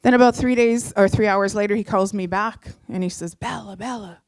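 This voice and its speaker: A middle-aged woman recounts a personal story in an animated, chatty way, full of little fillers and restarts. Her voice sits at an ordinary middle pitch, and the sound is dry and close with no room echo. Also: fairly quick, clear, resonant tone. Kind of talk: personal storytelling on a live show.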